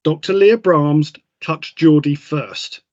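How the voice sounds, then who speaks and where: Jokey man, higher voice. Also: takes it slowly, darkish tone, no echo, lo-fi sound. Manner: jokey, acts out characters' lines. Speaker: podcast co-host. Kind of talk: casual chat.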